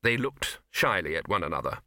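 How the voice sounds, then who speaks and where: A man narrating a comic fantasy audiobook with expressive storytelling. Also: low voice, fairly quick, gravelly, no echo, clean studio sound. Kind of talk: scripted narration.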